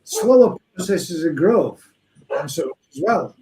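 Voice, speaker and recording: A man's voice: a little high, expressive, measured pace, dark tone, a little hiss or hum. Rambling chatty man in an echoey room. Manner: chatty, rambling, trails off, laughs often. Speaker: host. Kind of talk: casual chat.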